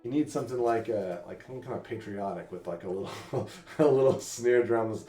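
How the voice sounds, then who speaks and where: A man with a sarcastic, swearing way of talking joins a casual podcast chat. His voice sounds roomy and echoey, with soft music playing behind it. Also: on the low side, moderate pace. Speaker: podcast co-host.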